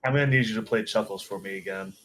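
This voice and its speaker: A man chatting casually and jokily with friends on a live stream, swearing and jumping into high quoted voices. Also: very fast, a bit bright.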